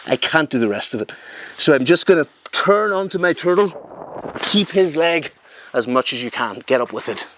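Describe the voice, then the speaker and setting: A man teaching jiu-jitsu technique during a live demonstration, talking in halting phrases and often checking in with "okay?". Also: a little high, big pitch swings, pushed and bright. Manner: talks while moving on the mat, halting phrases. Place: training room at a retreat. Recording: noisy room recording.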